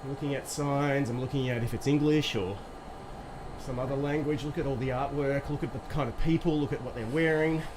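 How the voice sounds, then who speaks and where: Casual male streamer, friendly quizmaster energy, mid pitch, mid-workout, noisy room. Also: fairly even intonation, brisk. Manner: chatty, upbeat, quizzing viewers. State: slightly out of breath from exercise. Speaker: live-stream host. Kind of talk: casual live-stream chat. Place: indoors on an exercise bike.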